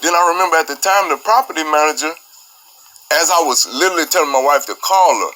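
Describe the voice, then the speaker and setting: A young man recounts a frightening confrontation at his home in an emotional first-person telling. His voice is bright and forceful, and he circles back and repeats phrases as he talks. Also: on the high side, lively intonation, brisk, rough recording. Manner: intense, repeats phrases, grows quiet and subdued later. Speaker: father recounting a police standoff.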